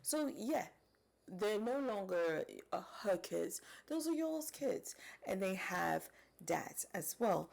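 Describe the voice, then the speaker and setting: A woman in her forties giving animated, chatty reaction commentary and talking straight to her viewers. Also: mid-range voice, slow pace, creaky.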